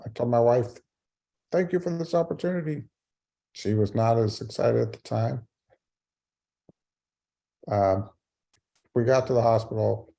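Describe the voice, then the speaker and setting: A man's voice: fairly low pitch, gravelly, dark tone, husky. A middle-aged man giving a keynote speech on a video call, telling a personal story with wry, self-mocking humor. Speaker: keynote speaker.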